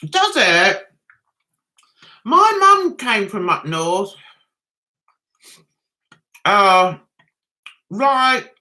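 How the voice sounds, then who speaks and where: A woman's voice: medium pitch, very animated, extremely slow, pauses often, bright, forceful tone. An English woman hosting a casual livestream, chatting and answering viewer comments aloud, often laughing. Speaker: livestream host.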